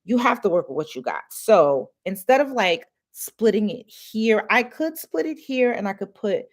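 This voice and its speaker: Chatty lively woman doing a hair tutorial. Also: mid-range voice, moderate pace. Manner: chatty, filler-heavy, confiding. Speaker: natural hair vlogger. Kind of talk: casual hair tutorial chat. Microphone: phone.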